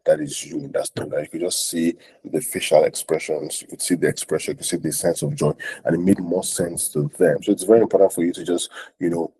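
A man's voice: deep voice, flat delivery, fast talker, dark tone, breathy edge. A man teaching street evangelism in a loose, repetitive talk, often asking "right?" and acting out what he says to strangers.

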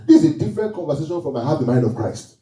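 A man's voice: fairly high pitch, wildly swooping pitch, racing, warm tone, echoey room, far from the mic, rough recording. A man preaching a sermon as pastor, asking the congregation questions, repeating his phrases and driving each point home.

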